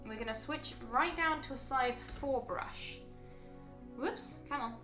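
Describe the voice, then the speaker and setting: Speaking at a measured pace, this woman has a high-sitting voice that echoes in the room, with music underneath. She walks viewers through her live painting stream, chatty and thinking aloud with plenty of ums.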